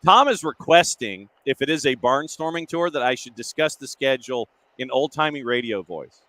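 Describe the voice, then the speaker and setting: A man hosting a podcast who chats casually, reads out listener comments, and rattles off dates and lists at a brisk clip. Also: mid-range voice, lively intonation, a bit bright. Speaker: podcast host. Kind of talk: casual chat and news rundown.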